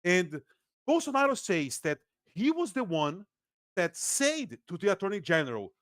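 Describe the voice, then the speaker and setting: This high-pitched male voice belongs to a Brazilian political analyst, a native Portuguese speaker with the accent to match, interviewed as a podcast guest in a casual setting. Quick to laugh and animated, he frequently restarts what he's saying, captured in a dry, studio-quality recording.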